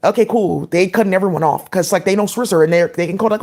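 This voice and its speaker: Fast, rambling woman vlogger. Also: medium pitch, a little mellow. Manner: rapid, scattered, many "like" fillers. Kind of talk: rambling casual monologue.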